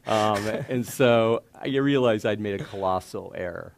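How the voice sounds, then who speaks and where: A man's voice: lowish voice, unhurried, creaky, a little hiss or hum. A man being interviewed on stage, telling loose, laughing anecdotes full of fillers. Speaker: guest investor. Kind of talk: casual storytelling interview.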